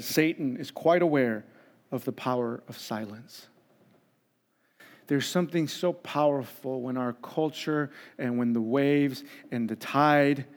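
A pastor preaching a sermon in a conversational, humorous way, acting out the voices of the people in the story. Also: male voice, medium pitch, darkish tone. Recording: long reverb of a large hall.

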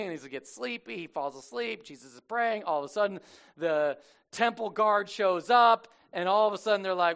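A man preaching a casual sermon as a lively storyteller, slangy and animated, acting out the people he quotes. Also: high-pitched, normal speed.

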